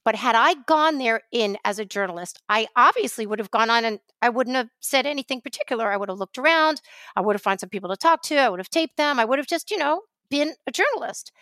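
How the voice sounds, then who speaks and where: Woman co-host from New York, high voice, dry studio sound, animated storyteller. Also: no echo. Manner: animated storytelling, quick rants. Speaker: podcast co-host. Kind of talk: casual chat.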